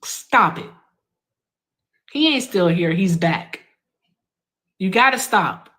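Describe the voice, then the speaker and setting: Blunt, combative young woman host in a heated debate, animated delivery. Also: lowish voice, takes it slowly. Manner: combative, blunt, cuts in with commands.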